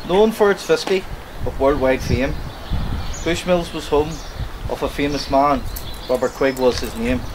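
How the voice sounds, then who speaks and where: A man with a slightly raised pitch recites a commemorative poem, keeping his voice soft and subdued. The recording is outdoors, with faint rural noise and birds behind him. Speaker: poetry reader. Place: outdoors at a churchyard.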